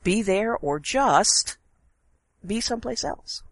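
Slow, expressive woman reading a story. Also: mid-range voice, dry recording. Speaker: guest story reader. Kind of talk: reading a short story aloud.

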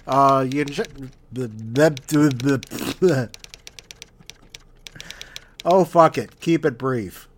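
A man's voice: medium pitch, drawn-out words, long pauses, slight background noise. A man hosting a short story show, talking casually and rambling off track. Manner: rambling and self-interrupting. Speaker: host. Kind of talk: casual podcast chat.

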